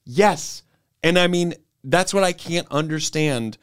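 A young adult man co-hosting a podcast, riffing animatedly in casual comedic chat and quick to laugh. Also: a little high, smooth, no room sound, studio quality. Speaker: podcast co-host.

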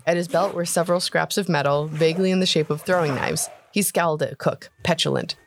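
A woman hosting a tabletop game podcast, giving a steady, expressive story narration. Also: sits low, fairly quick, background noise. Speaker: podcast host and story reader. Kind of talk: read-aloud story narration.

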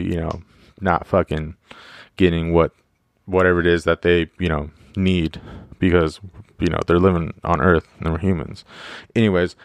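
A man's voice: low-pitched, no room sound, studio quality. A man hosting a casual solo podcast, rambling and joking with plenty of profanity and fillers. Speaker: podcast host.

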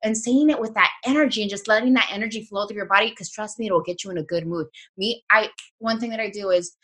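A woman talking as a guest on a podcast, emphatic and upbeat, at a middling pitch. She swings between calm reflection and excited energy. She swears freely and casually. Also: fast talker.

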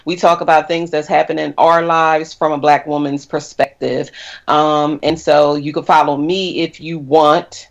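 A chatty woman on a podcast, with a low, deep voice. She talks at length, laughs easily and takes her time when she spells things out. Her talk is relaxed and casual. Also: unhurried, creaky. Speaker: podcast guest, co-host of her own podcast.

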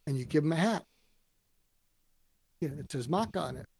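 A man telling stories in an interview, acting out quoted lines with lively voices. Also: a little high, normal speed, gravelly, husky, dry recording. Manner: animated storyteller acting out quotes. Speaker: guest, author and speaker. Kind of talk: storytelling interview answers.

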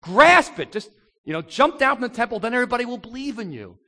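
A man's voice: extremely high pitch, big pitch swings, fast talker, bright, forceful tone, pitched above the performer's own voice, full character voice. A scornful male devil goads and mocks, pushing hard for someone to give in, as a preacher acts him out. His voice swings wildly up and down, and long reverb trails after every line. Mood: mocking. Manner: goading, mocking, insistent. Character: taunting male devil tempter, scornful and pushy.

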